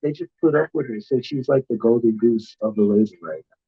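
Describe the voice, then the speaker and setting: A man telling a long studio story in casual, profane podcast chat, jumping up in pitch whenever he quotes other people. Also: fairly quick, slightly rough. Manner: animated, profane, swings pitch when quoting others. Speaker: podcast host. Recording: dull lo-fi sound.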